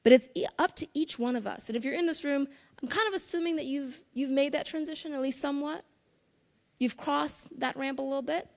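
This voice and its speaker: Woman in her thirties for an earnest keynote talk; conversational, a bit high, with vocal fry. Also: brisk. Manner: earnest, conversational, with asides to the audience. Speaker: conference speaker.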